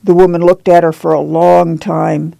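A measured audiobook narrator with a gravelly, mellow voice. The reading is steady and unhurried, and the recording is close and dry. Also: mid-range voice, no room sound, poor audio.

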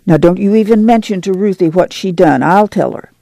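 A man voicing a middle-aged rural mother with a drawl, speaking in a steady, stern, often hushed way. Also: high-pitched, a little fast, gravelly, dry recording.

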